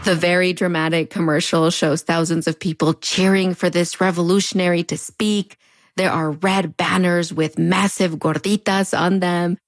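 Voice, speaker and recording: A woman's voice: lowish voice, little pitch movement, moderate pace, no room sound, soft background music. Wry woman with a border accent. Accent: US-Mexico border Spanish-tinged English. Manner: conversational, wry. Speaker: host. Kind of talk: narrated video essay.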